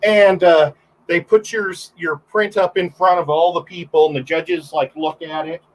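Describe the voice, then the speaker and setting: A man's voice: a little high, steady tone, unhurried, poor audio. Man with a raised voice telling rambling stories. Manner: rambling storyteller, full of restarts and fillers. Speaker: guest on a livestream; photographer. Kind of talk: casual chat.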